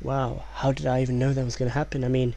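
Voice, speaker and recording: Man, let's play commentator, gravelly, kept quiet, faint hiss behind. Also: level tone, fast talker. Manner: hushed, keeps voice low; rambling, reads game text aloud.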